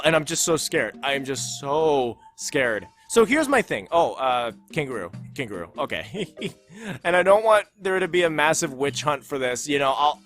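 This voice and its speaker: Rambling excitable young man, slightly high voice. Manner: rambling, excitable, self-conscious. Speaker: gaming channel host. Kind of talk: casual gameplay commentary with Q&A. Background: faint game music.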